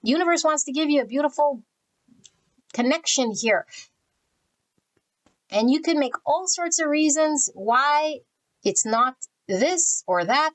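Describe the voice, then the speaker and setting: A woman's voice: high-pitched, low-quality recording. Blunt woman giving a tarot reading. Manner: blunt, spiritual, channels energy. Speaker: tarot reader. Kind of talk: pick-a-card tarot reading.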